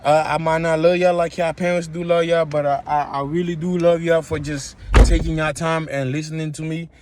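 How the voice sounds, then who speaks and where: A man in a somewhat higher register rants straight into his phone camera, rambling, repeating himself and firing rhetorical questions at his viewers. Café chatter and passing traffic come through loudly behind him. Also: level tone, a little fast. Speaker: vlogger and musician. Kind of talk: casual rant to camera. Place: coffee shop.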